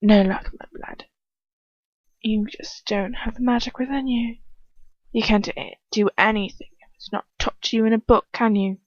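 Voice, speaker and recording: A woman's voice: fairly high pitch, fairly even intonation, moderate pace, no room sound, highs cut off, lightly acted. A woman reading the part of a cold, sneering older male wizard who taunts his captive. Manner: mocking, taunting.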